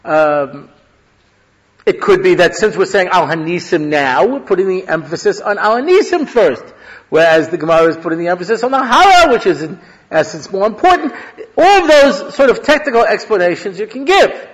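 A man's voice: high voice, sing-song, normal speed, low-quality recording. A man, a rabbi, giving a conversational Torah class, mixing Hebrew phrases into his teaching. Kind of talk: lecture-style Torah class.

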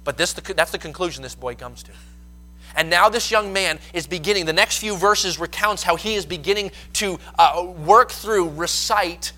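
A man's voice: high voice, moderate pace, bright, forceful tone, rough recording. A young man preaching a sermon, telling stories and acting out quoted lines with rising intensity.

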